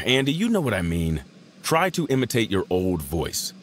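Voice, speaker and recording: A man's voice: fairly low pitch, wildly swooping pitch, moderate pace, a little hiss or hum. An actor playing a man who patiently coaches a robot before filming, in a coaxing, instructive way. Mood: coaching.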